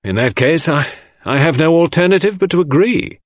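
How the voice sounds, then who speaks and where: A man voicing a grave, pained gentleman who answers in short, serious replies in an audiobook. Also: on the high side, expressive, fairly quick, dry recording, studio quality, pitched above the performer's own voice.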